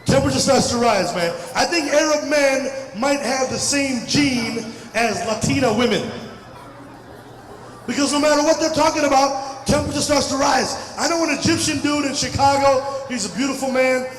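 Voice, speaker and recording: A male stand-up comedian doing loud, animated crowd work. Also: very high-pitched, moderate pace, a little hiss or hum. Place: large crowded festival hall. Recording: echoey hall, far from the mic.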